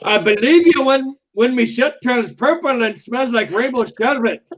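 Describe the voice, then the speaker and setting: A man's voice: very high-pitched, normal speed, highs cut off, pitched above the performer's own voice. A man doing a put-on Irish accent as a cocky, teasing movie cop, in a sarcastic, mocking tone.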